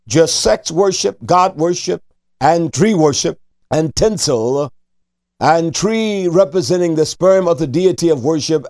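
A man with a fairly high voice delivers a fiery radio sermon at an unhurried, deliberate pace. He preaches fervently, drops Hebrew words into his English and climbs to shouts on his strongest points. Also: no echo, clean studio sound. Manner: fervent, sprinkles Hebrew terms, rises to shouts. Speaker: radio show host and preacher.

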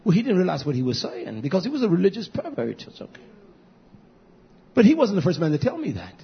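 A man preaching a sermon to his congregation, repeating phrases and building to loud, high emphatic peaks. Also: wildly swooping pitch, fast, vocal fry, husky. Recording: dull lo-fi recording.

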